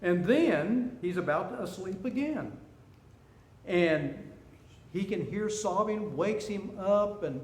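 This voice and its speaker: Speaking slowly in a high, animated voice, this man in his sixties tells stories and jokes during a seminar talk. The recording has faint noise and an echoey room sound.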